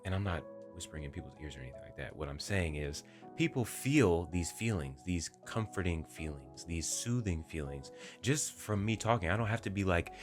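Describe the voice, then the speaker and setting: Gentle, deep-voiced young man. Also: expressive. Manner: gentle, inviting and emotive, with deliberate pauses. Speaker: voice-focused video creator. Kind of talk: reflective talk to camera. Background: faint background music.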